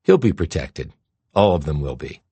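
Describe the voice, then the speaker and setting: A man's voice: very deep voice, big pitch swings, normal speed, warm tone, slightly rough, no room sound, heavily acted. A man doing a cutting, ambitious newswoman. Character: sharp, ambitious woman TV reporter.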